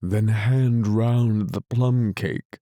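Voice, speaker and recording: A weary male lion with a deep, hollow voice that yawns through its words, as a male audiobook narrator puts him on. He drawls very slowly in a dry, close recording. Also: steady tone, mellow, no room sound. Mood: sleepy. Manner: yawning, slow, drawling. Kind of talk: audiobook character reading.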